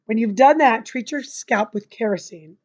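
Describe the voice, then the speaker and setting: A woman's voice: on the high side, normal speed, darkish tone, dull audio, close to an everyday voice. Woman reading as a flustered young schoolteacher.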